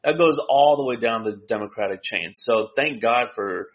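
A man's voice: mid-range voice, moderate pace, highs cut off. A man co-hosting a political talk show, explaining his views steadily and often ending with a tag question. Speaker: co-host.

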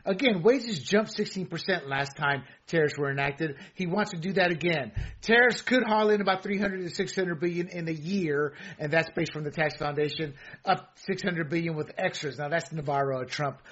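A man chatting casually about politics, animated and laughing, with many stammered restarts and fillers. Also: on the high side, moderate pace, hardly any pauses, breathy edge. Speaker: co-host. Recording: dull lo-fi audio.

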